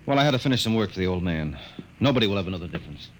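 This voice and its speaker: A brisk, offhand army colonel. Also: male voice, deep voice, animated. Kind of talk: 1940s radio acting. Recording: noisy old radio recording.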